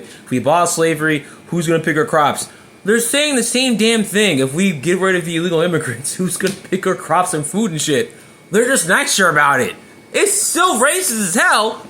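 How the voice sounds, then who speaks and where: A man's voice: high voice, fairly bright tone, a little hiss or hum. A man talking to camera about his own story, emphatic and often restarting words. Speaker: vlogger.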